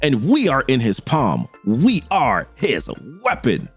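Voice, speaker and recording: A man reading out the lines of a cold, menacing female sorceress priestess from a comic, slowly and solemnly. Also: mid-range voice, wildly swooping pitch, slightly rough, dry recording, soft background music, exaggerated voice. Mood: ominous.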